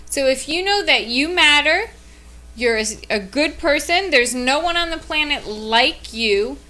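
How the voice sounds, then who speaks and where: High, bright-voiced female podcast co-host. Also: animated, a little slow. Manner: earnest, giving advice to listeners. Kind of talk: casual chat.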